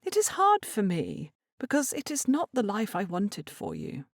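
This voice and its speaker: A woman voicing a proud, stubborn middle-aged mother in a Regency audiobook, speaking in a brisk, clipped, weary way. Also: mid-range voice, huge pitch swings, dry recording, clean studio sound, voice pushed up, full character voice. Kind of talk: audiobook character reading.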